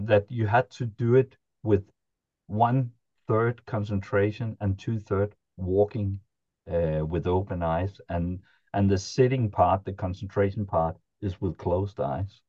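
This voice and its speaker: Dark-voiced man telling a halting story. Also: on the low side, no echo, lo-fi sound. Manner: halting, chuckling anecdote telling with many restarts. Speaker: podcast guest. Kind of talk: casual storytelling.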